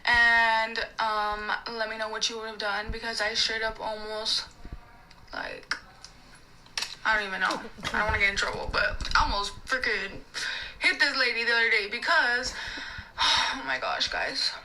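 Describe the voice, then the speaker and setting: A young woman working as a server, telling a ranting story in an animated way, full of fillers and swearing. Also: a little high, moderate pace, slight background noise, rough recording. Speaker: restaurant server.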